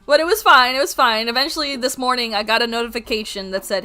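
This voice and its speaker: Woman streaming from home, high bright voice, chatty and animated, swears a lot, faint music behind. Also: brisk. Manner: animated, swears freely, laughs through the story. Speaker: art streamer. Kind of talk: casual storytelling chat to stream viewers.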